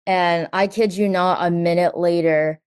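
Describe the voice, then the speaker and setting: Young adult woman, low-ish pitch, chatty with constant "like", re-enacts quotes. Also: measured pace, clear, resonant tone. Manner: says "like" constantly, quotes herself and others in lively bursts. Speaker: guest. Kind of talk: personal story in an interview.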